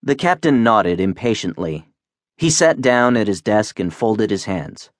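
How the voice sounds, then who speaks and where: A man reading science fiction aloud as an audiobook narrator, in a measured, expressive way on a close studio mic. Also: fairly low pitch, no room sound. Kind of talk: scripted narration.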